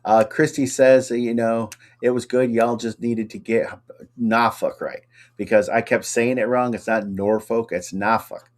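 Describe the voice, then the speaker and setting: A male co-host in a relaxed chat, cheerful and talkative as he greets viewers and responds to their comments. His voice is at an ordinary middle pitch. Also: moderate pace. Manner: upbeat, chatty, reads out viewer comments. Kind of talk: casual chat.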